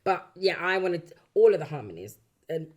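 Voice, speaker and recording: A London woman in her early forties, a backing singer and songwriter, telling stories from her career in a relaxed interview, acting out quoted voices and laughing often. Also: on the low side, normal speed, dull audio. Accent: London English. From London, England. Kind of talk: casual chat.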